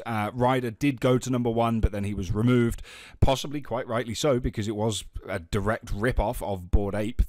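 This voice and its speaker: Low, dry-voiced man hosting a podcast. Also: no room sound. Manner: self-described monotone delivery. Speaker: podcast host. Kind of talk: casual podcast chat.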